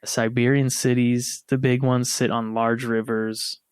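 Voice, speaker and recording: American podcast host, casual storyteller, dry close sound. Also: male voice, mid-range voice, a little slow, clean tone, no room sound. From United States. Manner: animated storyteller, laughs and acts out quotes. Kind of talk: casual storytelling among siblings.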